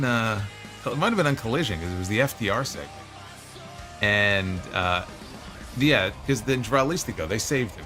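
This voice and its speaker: A man co-hosting a casual chat show, animated and opinionated, laughing easily. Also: mid-range voice. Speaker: podcast co-host.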